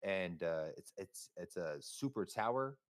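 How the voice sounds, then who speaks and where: A man's voice: sits low, animated, unhurried. A young man from San Francisco, a podcast guest talking in casual, slangy, profane chat that rambles along with laughs.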